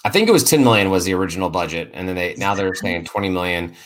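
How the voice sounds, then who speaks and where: A man with a fairly low voice hosts a relaxed sports podcast chat. He talks loosely and jokily, often laughs, and trips over and repeats words as he goes. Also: quick pace, a little hiss or hum. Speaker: podcast host.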